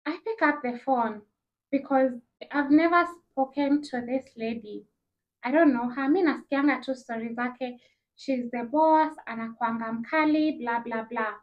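Animated young Kenyan woman telling a story. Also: sits high, unhurried. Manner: animated, acts out dialogue with shifting voices. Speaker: vlogger. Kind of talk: casual storytime, mixing English and Swahili slang. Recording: slightly dull lo-fi sound.

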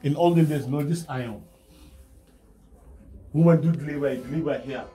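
A man's voice: on the high side, normal speed, dark tone. Man guiding a museum tour. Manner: broken English, repeatedly checks "you understand?". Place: indoor museum galleries.

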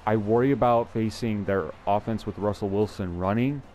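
Commenting casually on his own football video game, a young man speaks at a moderate pace in a mellow voice on the low side, with a little hiss or hum in the background. He's talkative and thinks aloud with restarts, poking fun at his own play as he goes.

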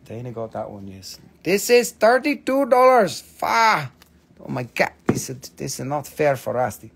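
Excitable, higher-pitched man selling crystals. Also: unhurried, creaky, slight background noise. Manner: excitable, swearing, playful, non-native phrasing. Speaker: live sale host. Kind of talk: live-stream crystal sale.

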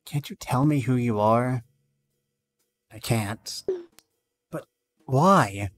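Man, streamer, reading game dialogue, mid-pitched voice, faint music behind. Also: drawn-out words, a bit bright.

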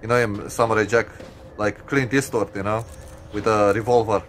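Excitable swearing young man gaming. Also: normal speed, slight background noise. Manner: excitable, swears a lot, stutters and restarts; loud outbursts and sudden high yelps. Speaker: gameplay commentator. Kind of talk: casual gameplay commentary.

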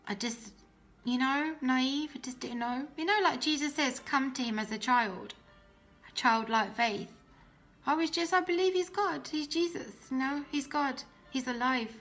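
A young woman giving an emotional personal testimony, earnest and often dropping to a soft voice. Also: high-pitched, a little slow, soft background music. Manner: earnest, emotional, drops soft and quiet when quoting herself. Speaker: guest telling her testimony.

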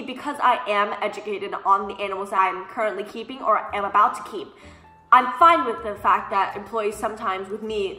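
A young woman vlogger telling casual storytime anecdotes in an animated, sassy way, mimicking the people she quotes. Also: fairly high pitch. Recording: echoey room, faint background music.

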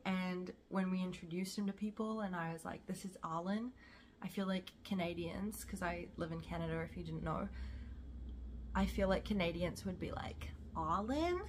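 A woman's voice: on the low side, slight background noise. A young woman from South Africa with a New Zealand accent, chatting casually and enthusiastically to camera as a vlogger.

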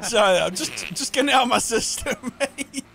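A man's voice: extremely high pitch, animated, a little fast, creaky, sharp tone. A young man in casual gaming banter with friends on voice chat, teasing them and laughing. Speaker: gamer. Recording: game music underneath.

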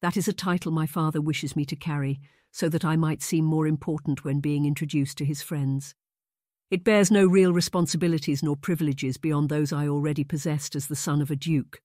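A man voicing a gentle, insistent young aristocrat who speaks slowly and softly. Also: steady tone, no room sound, clean studio sound, natural voice. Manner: slow, soft, low-spoken. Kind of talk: audiobook character voice.

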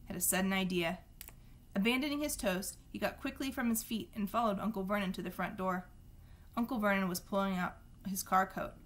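A woman reads a novel aloud in a steady storytelling voice. Her pitch sits in the middle, and now and then she trips over a word and starts it again. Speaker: reader.

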